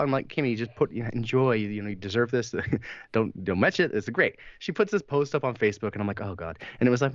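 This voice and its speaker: A man's voice: fairly low pitch, very animated, fast, no room sound. A man co-hosting a podcast, telling a long story in casual chat, swearing freely, laughing often and acting out quotes. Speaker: podcast co-host. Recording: dry, slightly dull mic sound.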